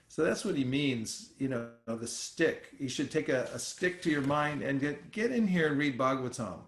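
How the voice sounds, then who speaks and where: A man giving a scripture class as a spiritual teacher, telling stories in a musing, halting way with fillers. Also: medium pitch, animated, roomy sound.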